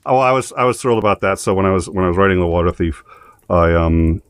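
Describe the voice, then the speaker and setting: A man's voice: sits low, fairly even intonation, quick pace, no room sound. A man hosting a casual chat show, telling jokes and stories in a rambling way with many restarts. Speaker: host.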